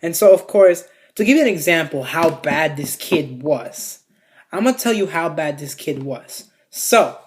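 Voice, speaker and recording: A man's voice: a little high, lively intonation, unhurried. A young man from Mexico telling a casual storytime tale, rambling with constant fillers and heavy swearing. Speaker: vlogger.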